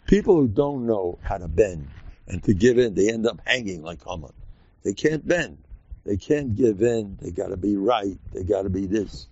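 A man teaching a Torah class in a lively way, acting out quoted voices and laughing often. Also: lowish voice, normal speed, slightly rough, no room sound, muffled recording.

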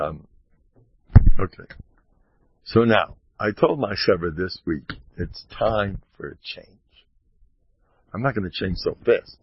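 His voice is low and slightly rough as he plays a rabbi giving an informal Torah talk, sarcastically bragging and drifting through asides that interrupt him, with Hebrew and Yiddish sprinkled throughout. The recording is dry, dull, and lo-fi.

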